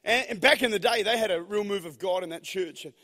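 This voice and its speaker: A man preaching a sermon in a large church hall, telling stories in a lively, animated way that swings from hushed to shouting. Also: sits high, fast talker. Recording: long hall reverb.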